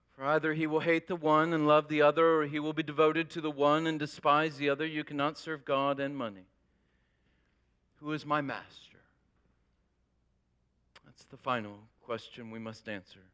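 Bright, high-voiced preacher man. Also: clear, resonant tone. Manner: animated storytelling with rising emphasis. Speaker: pastor. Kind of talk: sermon.

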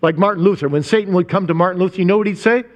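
Man, preacher, sermon, high voice, emphatic, rhetorical questions, long church reverb. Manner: emphatic, rhetorical questions, drawn-out stressed words.

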